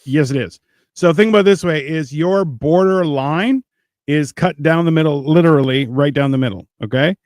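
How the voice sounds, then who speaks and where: Man, high pitch, ranting podcast talk, profane, dry close sound. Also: normal speed, darkish tone, dry recording. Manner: ranting, profane, mocks others in put-on voices. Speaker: podcast co-host. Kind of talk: casual podcast discussion.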